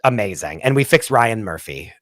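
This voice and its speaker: A man's voice: fairly low pitch, animated, normal speed, a bit bright, no echo, clean studio sound. A man guesting on a podcast in casual chat, speaking emphatically and dramatically and saying "like" constantly. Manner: emphatic and dramatic, heavy use of "like".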